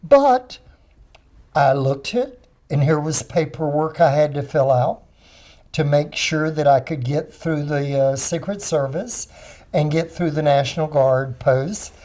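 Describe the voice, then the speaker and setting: A man in an interview telling a story in a lively way, laughing now and then as he recalls it. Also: a little high, measured pace. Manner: animated, laughs while telling. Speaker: guest. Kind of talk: conversational storytelling.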